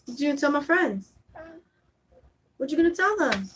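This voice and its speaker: High-voiced woman chatting to her baby. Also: very animated, moderate pace, very noisy. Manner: coaxing baby talk mixed with chatty asides to viewers. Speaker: vlogger and mother. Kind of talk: casual home vlog chat.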